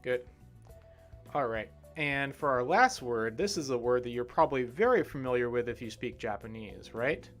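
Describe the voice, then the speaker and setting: A man teaching English pronunciation in a livestream lesson, modelling words slowly and clearly and checking in with "right?". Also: medium pitch, lively intonation, fairly bright tone, faint music behind.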